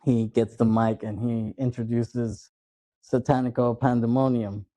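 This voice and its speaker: A man hosting a casual movie podcast, retelling scenes with quick voice impressions and laughing often. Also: mid-range voice, flat delivery, warm tone, no room sound, poor audio. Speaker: podcast host.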